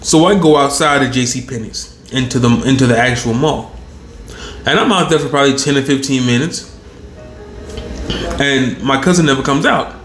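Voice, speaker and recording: Animated, cursing storyteller man in echoey room. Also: mid-range voice, normal speed, long pauses, soft background music. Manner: animated, profane, rambling storyteller. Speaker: channel host. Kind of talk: casual storytelling monologue. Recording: roomy echo.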